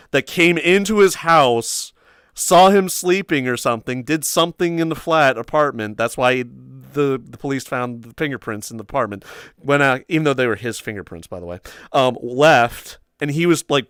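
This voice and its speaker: A man tells a story on a casual livestream, rambling from one tangent to the next, with bursts of laughter and plenty of swearing. His voice sits at an ordinary mid pitch, and the recording sounds dry and close, with little room around it. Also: smooth, no echo. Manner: rambling, animated, laughing, cursing. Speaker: livestream host.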